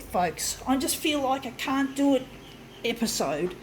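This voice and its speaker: A woman's voice: high-pitched, very animated, a little slow, a little hiss or hum, poor audio. A woman talking to viewers while working on a craft demo, hot, sweaty and shaking, swearing often and calling them folks. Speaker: vlogger demonstrating a craft. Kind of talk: frustrated casual monologue while working.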